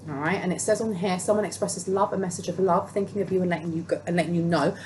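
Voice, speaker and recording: A woman's voice: fairly low pitch, quick pace, low-quality recording. A woman giving a casual tarot reading, talking in a chatty, emphatic way and repeating phrases for stress. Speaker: tarot reader. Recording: steady background noise.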